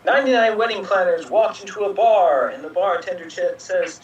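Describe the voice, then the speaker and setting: A man's voice: high-pitched, moderate pace, few pauses, far from the mic, a crowd in the background. A man telling improvised jokes, recorded in an echoey room away from the mic. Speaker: improv player.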